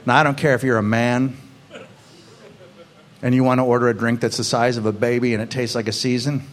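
A man doing a stand-up comedy set on stage, ranting, swearing and yelling his punchlines. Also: mid-range voice, level tone, fairly quick. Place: comedy club stage before a live audience.

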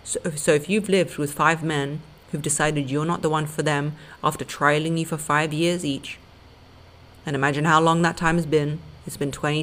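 This woman hosts a podcast and works as a dating coach. Her voice sits low with a slight brightness, and she gives blunt, emphatic relationship advice directly to her listeners.

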